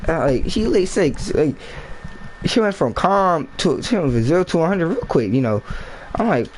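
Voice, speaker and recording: A man's voice: medium pitch, lively intonation, a little fast, a little mellow, a little hiss or hum, poor audio. A man telling a school story in a rambling, slangy, casual storytime vlog. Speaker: vlogger.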